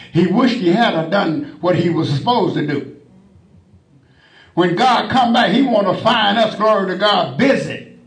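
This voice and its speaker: A man preaching a sermon, working in a refrain of "glory to God" between phrases and rising to shouts. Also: sits high. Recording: echoey room, mic at a distance.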